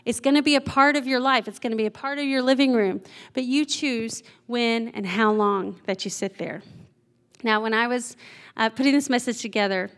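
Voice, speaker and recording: A woman's voice: fairly high pitch, normal speed, fairly bright tone. A woman preaching a sermon in a conversational way, often laughing and asking the audience questions.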